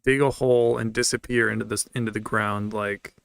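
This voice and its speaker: A man's voice: on the low side, fairly even intonation, a little fast, creaky, a bit bright, smooth, no room sound, studio quality. A man giving casual reaction commentary, blunt and sarcastic, swearing freely. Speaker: streamer reacting to videos.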